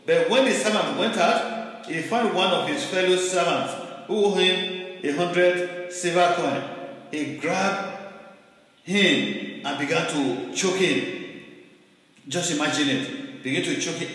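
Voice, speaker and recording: A man's voice: fairly high pitch, takes it slowly, long pauses, fairly bright tone. A male pastor giving an emphatic sermon, repeating key phrases and shifting his pace, heard in a very echoey hall.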